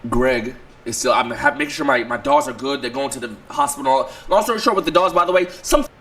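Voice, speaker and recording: A man telling a wild personal story to his stream in casual, profane slang, swinging from low mutters to loud outbursts. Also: sing-song, fast talker, creaky.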